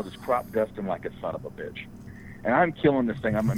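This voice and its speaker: A man telling a crude story in casual podcast chat, animated and swearing freely. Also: on the low side, a little fast, over music, low-quality recording.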